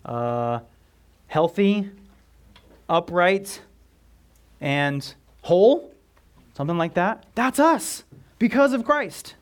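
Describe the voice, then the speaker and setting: Slow, emphatic male preacher. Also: high voice, animated, clear, resonant tone. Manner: emphatic preaching, swinging from loud stress to near whisper; addresses congregation with questions. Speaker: pastor. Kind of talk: sermon.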